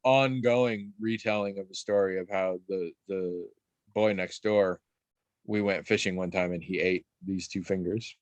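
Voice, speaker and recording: An adult man on a podcast in casual chat, telling stories in a rambling, animated way with restarts and the odd swear. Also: sits low, a little slow, dry recording. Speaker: podcast co-host.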